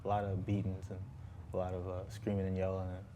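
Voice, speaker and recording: A young man of about twenty, a former Marine guest on a talk show, speaking haltingly with many fillers and restarts. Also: sits low, monotone, dark tone, lo-fi sound, slight background noise.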